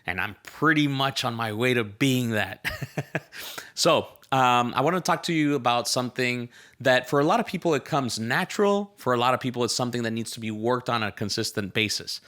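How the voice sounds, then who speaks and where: Casual, upbeat man, mid-range pitch, rambling storyteller speaking to a camera. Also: animated, normal speed, fairly bright tone. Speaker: real estate agent. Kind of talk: casual motivational talk to camera. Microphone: camera mic, filmed by a team member.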